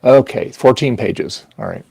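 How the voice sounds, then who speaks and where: Man, slow mumbling live-stream host, gravelly, husky, dark tone, hesitant. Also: mid-range voice, lively intonation, no room sound. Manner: slow, hesitant, muttering to himself while searching. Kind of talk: casual live-stream chat while working.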